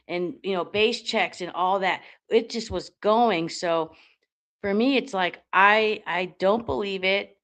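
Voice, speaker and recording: A woman's voice: medium pitch, fairly bright tone. A woman who is a paranormal investigator, talking bluntly in a casual chat, swearing and restarting her sentences.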